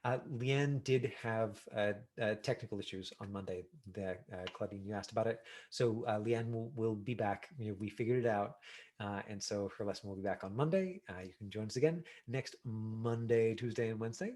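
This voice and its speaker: A middle-aged man teaching an online acting class over a video call, talking casually with lots of fillers and lively examples. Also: lowish voice, moderate pace. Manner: casual, animated, many fillers.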